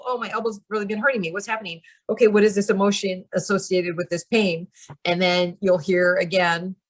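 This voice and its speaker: In a channeling practice group, a woman with a medium-pitched, fairly bright voice explains things step by step in a relaxed, chatty way. Her talk is packed with "like" and "you know," and she laughs frequently.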